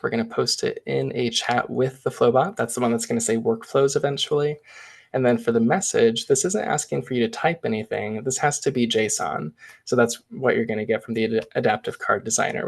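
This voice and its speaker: Male presenter with a gravelly voice, casually talking through a screen demo. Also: mid-range voice, moderate pace. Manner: casual step-by-step walkthrough, chatty asides. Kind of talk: live software demo.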